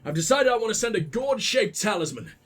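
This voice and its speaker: A man's voice: high-pitched, big pitch swings, brisk, fairly bright tone, slightly rough, exaggerated voice. A man reading as an earnest young novelist's son. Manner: plain reading aloud, little character voice. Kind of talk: reading a game message aloud.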